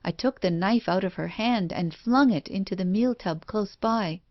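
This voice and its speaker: A woman reading a first-person horror story in a measured, even way. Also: medium pitch, no room sound. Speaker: audiobook narrator. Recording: dull dry lo-fi recording.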